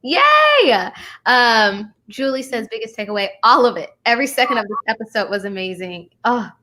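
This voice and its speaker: A woman's voice: a little high, brisk, bright, forceful tone, a little hiss or hum. A woman hosting a casual live stream, enthusiastic, reading viewer comments aloud and saying "y'all.". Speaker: host.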